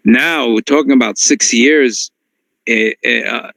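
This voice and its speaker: A rabbi retelling a story to his class in a mid-pitched male voice. He is animated, breaks off and restarts his sentences, and drops in Yiddish and Hebrew phrases. The recording is dry and close, with almost no room echo. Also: moderate pace, gravelly.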